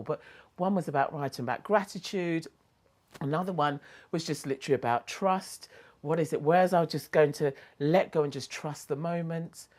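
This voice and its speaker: This woman's voice is on the low side as she recounts something personal in a motivational talk. She's expressive throughout, moving from quiet, thoughtful moments into animated laughter.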